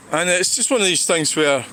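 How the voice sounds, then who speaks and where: A slight hiss or hum runs under this Scottish vlogger's roadside walking livestream. The medium-pitched voice sounds bright and forceful, wandering through rambles, sighs, and thoughts started over.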